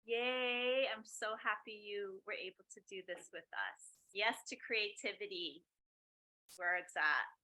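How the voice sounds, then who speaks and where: A woman hosting a video call talk series, effusive and softly guiding the group through an embodiment exercise. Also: medium pitch, measured pace, dry recording, low-quality recording. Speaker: host.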